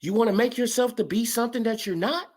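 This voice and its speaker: A woman's voice: on the high side, fast talker, breathy edge. A woman ranting heatedly in a sports commentary vlog, swearing freely and calling people out. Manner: profane, heated, animated.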